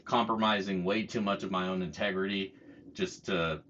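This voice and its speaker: A man's voice: low voice, fairly even intonation, moderate pace, fairly bright tone, slight background noise. A middle-aged man telling a story as a heated casual rant, swearing freely and mocking other people's words. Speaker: channel host. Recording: dull lo-fi sound.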